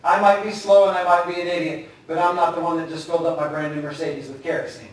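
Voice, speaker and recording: A man doing a calm, dry female clerk. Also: fairly high pitch, fast, background noise, pitched below the performer's own voice, natural voice. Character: calm, unflappable female gas station clerk. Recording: echoey hall, distant mic.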